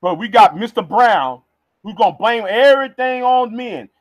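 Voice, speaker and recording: A man's voice: very high voice, lively intonation, moderate pace, no echo. A man ranting on a livestream, heated and stammering, repeating words as he goes. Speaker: vlogger.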